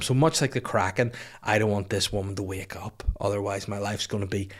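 Man, 30s, podcast host, exhausted, low-voiced, foul-mouthed rambling storyteller. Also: fairly even intonation, brisk. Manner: profane, rambling comic storytelling. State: tired. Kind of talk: casual solo podcast rant. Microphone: podcast microphone.

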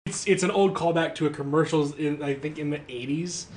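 Male co-host, higher voice, dry humor, loose and profane. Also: a little fast, noisy background. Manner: wry, explaining with profanity. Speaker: podcast co-host. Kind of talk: casual chat.

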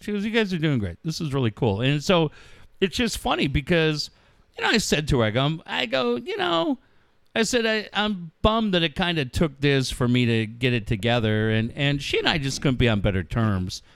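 A middle-aged man talks on sports radio with a bouncy, expressive voice that sits a little high for a man. He tells stories freely, swears often and acts out the quotes, all on a dry, close mic. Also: normal speed, vocal fry, smooth, dry recording. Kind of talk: casual sports radio chat.

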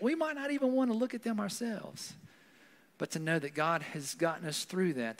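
A man, a pastor, preaching a conversational sermon in a church with a Southern US accent, often adding "right?" as he talks. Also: fairly high pitch. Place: church hall. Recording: long hall reverb.

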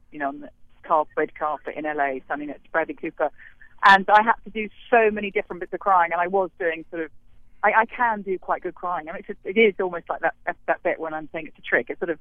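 A woman's voice: lowish voice, no echo. A woman actress, chatting in an interview about her show, self-deprecating and rambling with restarts, talking from a street. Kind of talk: casual interview chat. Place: outdoors on a street. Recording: tinny phone line.

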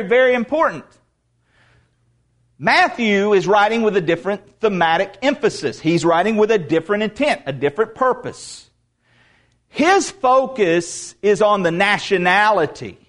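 Man, pastor, emphatic sermon, repeats words for stress, high voice, swooping delivery. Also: sing-song, normal speed, a bit bright.

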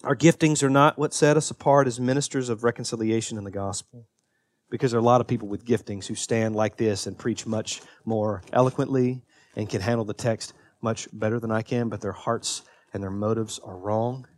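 A man in his thirties preaching a sermon as a pastor. He is earnest, swings from emphatic peaks to quiet confession, and often restarts and repeats his words. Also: on the low side, fairly even intonation, brisk, no echo.

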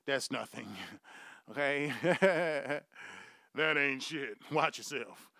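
A man's voice: mid-range voice, extremely slow, vocal fry, pushed and bright, no room sound, studio quality. A man hosting his own podcast, delivering a profane comic monologue and laughing at his own jokes. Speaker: podcast host.

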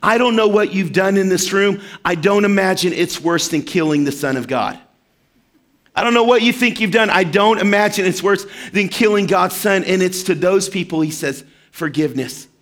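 A man preaching a sermon as pastor, animated and acting out quoted voices. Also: high-pitched, moderate pace.

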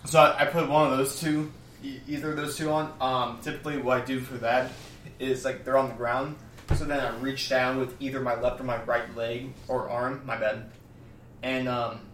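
Young man, podcast guest, deadpan rambler with lots of filler words, recorded in a roomy space away from the mic. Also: mid-range voice, normal speed, a little hiss or hum. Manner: rambling, deadpan step-by-step storytelling with many fillers. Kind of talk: casual chat. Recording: roomy, distant mic with faint ambience.

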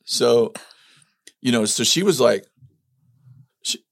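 A man's voice: medium pitch, expressive, takes it slowly, vocal fry, no room sound, studio quality. A middle-aged man telling a personal story in a casual chat, animatedly acting out quotes with many restarts. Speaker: ministry leader telling his story.

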